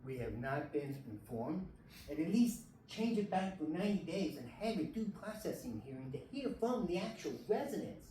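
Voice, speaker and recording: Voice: medium pitch, sing-song, dark tone, slight background noise. Upset older resident in an echoey hall. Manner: emotional, indignant, halting with restarts. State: upset, close to tears. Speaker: resident speaking at public comment. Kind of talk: public comment at a city meeting. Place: council meeting hall. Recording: echoey hall, distant mic, faint ambience.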